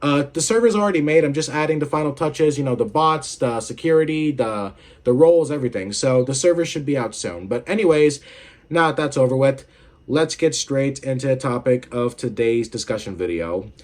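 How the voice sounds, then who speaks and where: A man's voice: mid-range voice, animated, fairly quick, a little mellow. A young man hosting a casual video game commentary, rambling and swearing with lots of filler words while feeling unwell with a headache. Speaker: gaming video host.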